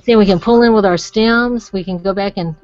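A woman's voice: mid-range voice, fairly quick, a little mellow, lo-fi sound, slight background noise. A woman giving a chatty, encouraging live craft demonstration and talking straight to her viewers.

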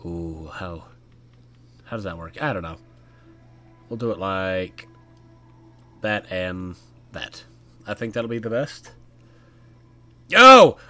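A man's voice: low-pitched, slow pace, long pauses, a bit bright, faint music behind. A man casually commentating a horror game as he plays, chatty and jokey, talking back to the characters. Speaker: gaming YouTuber. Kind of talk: casual let's-play commentary.

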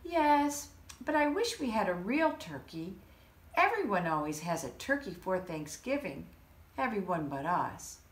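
A woman's voice: mid-range voice, sing-song, measured pace, roomy sound. A woman voicing a wistful wife moose who sighs for what she lacks, in a storybook reading. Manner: sighing, wishful.

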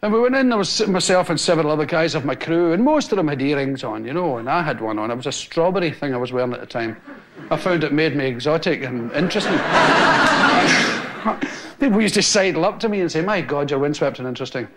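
A man's voice: a little high, lively intonation, a little fast. A Scottish man doing stand-up, telling rambling anecdotes to a laughing live audience. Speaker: stand-up comedian. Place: television studio with a live audience. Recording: loud hiss on an old TV recording.

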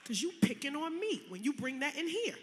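A woman pastor preaching a sermon in a casual, colloquial way, swinging from loud shouting to soft, chatty asides. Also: high-pitched, big pitch swings, a little fast, big-room sound, a little hiss or hum. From Connecticut, USA. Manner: casual, colloquial preaching with direct address to the congregation. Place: large church sanctuary.

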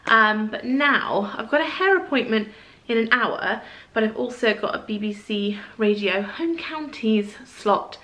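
A woman's voice: fairly high pitch, expressive, a little slow, sharp tone, rough recording. A woman chatting casually in her vlog, rambling and poking fun at herself. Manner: chatty, rambling, self-deprecating. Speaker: vlogger.

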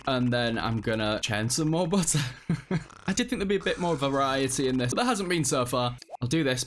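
A man's voice: medium pitch, fairly bright tone, a little hiss or hum. A man giving casual, self-mocking commentary over a video game, with a non-American English accent. He swears freely and laughs often. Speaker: let's play host.

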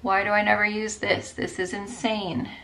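A woman's voice: mid-range voice, flat delivery, moderate pace, creaky, pushed and bright. A woman in her thirties with a headache, chatting to viewers while doing her makeup, full of "like" and "you guys.". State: tired, with a headache. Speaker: beauty vlogger.

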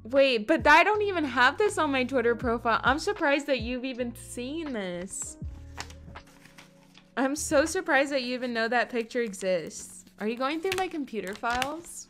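A woman's voice: high voice, expressive, normal speed, fairly bright tone, faint music behind. A young adult woman streaming live, chatting casually with her audience in a gushing, effusive way and swearing now and then.

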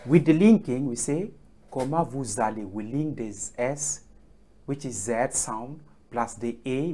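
A man leads an online French lesson at an unhurried pace. He drills each phrase again and again with patience, filling gaps with hesitant pauses. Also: mid-range voice, a little mellow. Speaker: French teacher.

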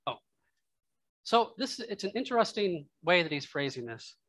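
Conversational Midwestern pastor preaching. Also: male voice, high voice, sing-song, moderate pace, a bit bright, no room sound. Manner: conversational, musing aloud with asides and laughs. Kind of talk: sermon. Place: church.

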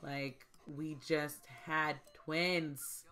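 Slow-talking exasperated woman gamer. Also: fairly low pitch, a bit bright. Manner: exasperated, repeats herself, talks to viewers directly. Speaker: gaming channel host. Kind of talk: casual gameplay commentary.

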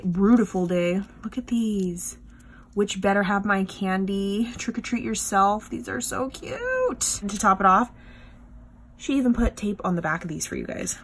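A woman hosting a craft video, gushing excitedly over tiny handmade pieces and filling her talk with "like" and "you guys.". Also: mid-range voice. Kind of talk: casual show-and-tell chat.

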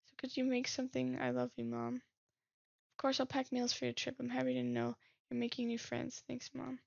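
A woman with a high, gravelly, husky voice reads game messages aloud and chats about them as she plays. She speaks in a fairly flat tone, close to a dry, dull-sounding mic. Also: normal speed, no room sound. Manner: reads messages aloud, muses and laughs at herself. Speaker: gaming streamer. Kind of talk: reading game text aloud with commentary.

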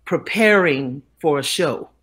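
An older actress in a casual interview, telling lively stories and acting out the people she quotes. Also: low-pitched, slow pace, slightly rough. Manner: animated storyteller, acts out quoted voices.

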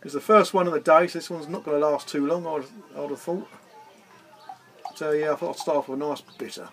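A man's voice: fairly high pitch, fairly even intonation, quick pace, creaky, a bit bright. A man casually reviewing a beer in a rambling, easygoing way, tired after gardening. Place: indoors, with garden party music outside. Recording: faint music in the background. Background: music from back garden.

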